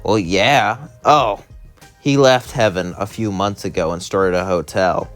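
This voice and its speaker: A man's voice: lowish voice, a little slow, a bit bright, soft background music. A man voicing a boastful middle-aged father figure who talks offhandedly. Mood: smug.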